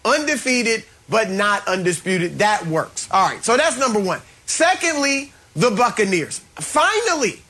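High, bright, gloating male sports analyst. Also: big pitch swings, a little slow, hardly any pauses. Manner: gloating, teasing, dramatic emphasis. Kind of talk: studio sports debate.

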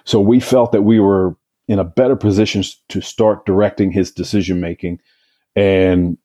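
A man's voice: low-pitched, mellow. A man who worked as a hostage negotiator recounts a case in an interview, vividly and with frequent restarts. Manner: vivid retelling, with repeated restarts. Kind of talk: storytelling in an interview.

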